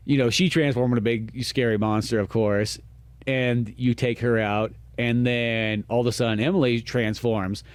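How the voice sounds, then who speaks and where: A man co-hosting a podcast in casual chat, animated and acting out characters' lines in a raised voice. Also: medium pitch, normal speed, smooth, dry recording. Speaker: podcast co-host.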